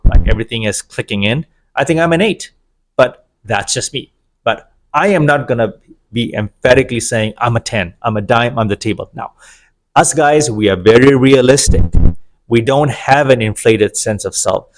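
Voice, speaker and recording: A man's voice: mid-range voice, normal speed, a little hiss or hum. A middle-aged man giving an opinionated, sarcastic monologue about dating, wandering into digressions. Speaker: vlogger. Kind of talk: casual monologue to camera.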